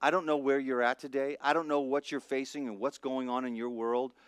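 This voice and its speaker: A middle-aged man, a pastor, preaching a sermon with lively storytelling that swings between hushed and loud. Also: medium pitch, fairly quick, smooth, no room sound. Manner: animated storytelling, acts out voices, swings from soft to loud.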